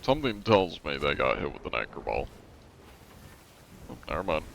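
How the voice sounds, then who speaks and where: A man's voice: very deep voice, very animated, normal speed, creaky, fairly bright tone, a little hiss or hum. A man streaming a game live, chatting casually and rambling with occasional chuckles and swearing.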